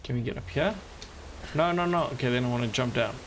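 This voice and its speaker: A man's voice: mid-range voice, fast, slight background noise. A man streaming a game, chatting casually in a joking, rambling way and swearing often. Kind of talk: casual gameplay commentary.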